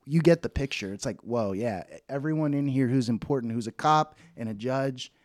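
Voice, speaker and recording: A man's voice: mid-range voice, moderate pace, darkish tone, dry recording. Rambling, laughing man on a dry mic. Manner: rambling, laughs often, trails off and restarts. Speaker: podcast co-host. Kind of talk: casual chat.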